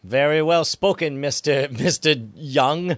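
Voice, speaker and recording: A man's voice: on the high side, no room sound, studio quality. A man hosting a casual comedic news chat, laughing often and stumbling through his lines as he reads out quotes. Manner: giggly, halting, reads quotes aloud with laughs. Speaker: podcast host.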